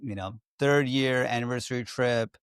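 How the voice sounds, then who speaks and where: A man's voice: medium pitch, steady tone, normal speed, clean tone, no echo, studio quality. A young man co-hosting a podcast, telling stories in casual, chatty talk full of filler words. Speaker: podcast co-host. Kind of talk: casual chat.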